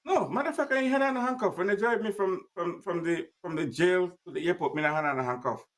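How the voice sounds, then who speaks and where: A man's voice: sits high, quick pace, distant mic. A man as a guest, telling a personal story in plain, emphatic words and acting out the dialogue.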